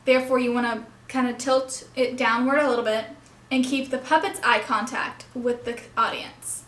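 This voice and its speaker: A woman's voice: fairly high pitch, fairly even intonation, moderate pace, fairly bright tone. A young woman explaining puppet technique in a hands-on lesson, stopping now and then to correct herself. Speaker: puppetry instructor. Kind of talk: instructional demonstration. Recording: echoey room.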